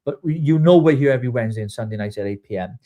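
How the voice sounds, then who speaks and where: A man's voice: mid-range voice, expressive, racing, warm tone. A man co-hosting a live web show, giving chatty announcer-style plugs that are full of restarts. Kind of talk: live-stream sign-off chat.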